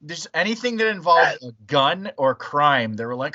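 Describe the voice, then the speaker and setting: A man's voice: a little high, big pitch swings, normal speed, bright, forceful tone, highs cut off. A man from the Chicago area, hosting a casual chat podcast and telling profane, rambling stories. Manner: profane, storytelling. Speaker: podcast host.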